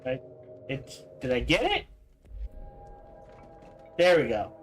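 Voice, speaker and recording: A man livestreaming a game, reading in-game documents aloud quickly, stumbling over words and restarting, with casual asides in between. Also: medium pitch, wildly swooping pitch, faint music behind, poor audio. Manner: reads fast, stumbles and restarts, adds asides. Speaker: streamer.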